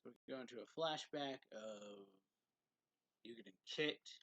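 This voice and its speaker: Young man, casual manga review, rambling, lots of filler words, dry close sound, mid-pitched voice. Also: unhurried, fairly bright tone, dry recording, rough recording. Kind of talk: casual recap of a manga chapter.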